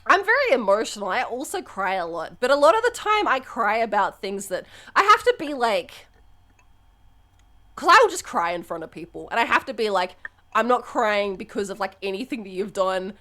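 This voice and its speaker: A young woman streamer chatting candidly on a live stream, swearing freely and breaking into loud laughs. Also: fairly high pitch, very animated, fairly quick. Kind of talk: casual live-stream chat.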